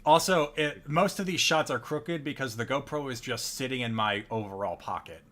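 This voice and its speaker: A man's voice: medium pitch, normal speed, fairly bright tone. A man co-hosting a casual chat, telling trip anecdotes over his own video footage with a chatty, laughing manner. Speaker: co-host.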